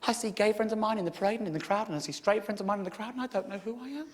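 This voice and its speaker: A man's voice: high-pitched, racing. A man doing stand-up storytelling on stage, sweary and full of profanity. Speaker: stand-up comedian. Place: stage in front of a live audience.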